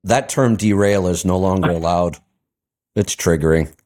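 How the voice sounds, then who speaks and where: A man's voice: low-pitched, moderate pace, a little mellow. A man hosting a call-in radio show, chatting casually and telling stories with mimicked voices.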